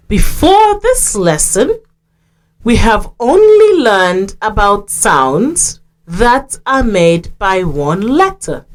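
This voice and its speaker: A woman with a Sierra Leonean accent teaching a radio reading lesson for young children, clearly sounding out syllables and letters. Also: medium pitch.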